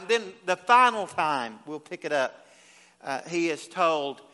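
A man preaching a sermon as pastor, retelling scripture with acted quotes and swinging from hushed to loud. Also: a little high, expressive, measured pace, smooth. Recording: long hall reverb.

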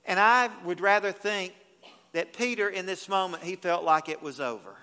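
A male pastor delivering an evening sermon, his voice high and bright as it carries through a church. He swings from hushed, slow lines to loud, urgent ones and acts out the scripture quotes, all wrapped in long hall reverb. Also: smooth.

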